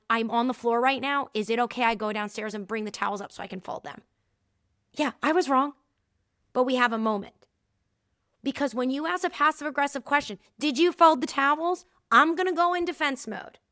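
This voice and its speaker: A woman hosts a talk show on her own. Her voice is bright, clear and fairly high, recorded close and dry. She tells stories and slips into the voices of the people in them. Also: no echo. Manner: lively storytelling, acting out quoted dialogue. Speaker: podcast host. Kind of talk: casual solo talk with anecdotes.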